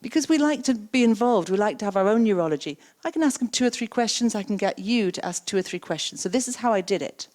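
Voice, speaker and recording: A woman gives an interactive keynote talk on coaching. She repeats the audience's words back to them and asks quick follow-up questions. Her delivery is conversational and lively. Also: mid-range voice. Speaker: keynote speaker and coaching trainer. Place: conference stage.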